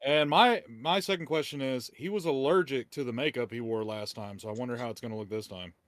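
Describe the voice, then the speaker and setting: A man's voice: mid-range voice, brisk, no echo. A man playing a tabletop game, chatting eagerly and going off on tangents. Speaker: player. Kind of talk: casual chat at a game table.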